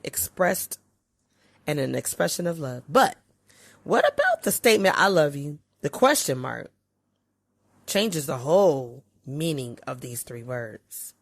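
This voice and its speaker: A female podcast host reads aloud from a book about relationships, her pitch and loudness swinging expressively. There's no echo.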